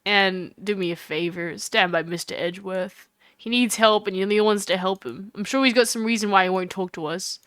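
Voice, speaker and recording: Brief: loyal gruff cop, earnest and plain, bright clear dry sound read by a woman. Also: medium pitch, brisk, no room sound, pitched below the performer's own voice, close to an everyday voice. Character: gruff loyal male police detective.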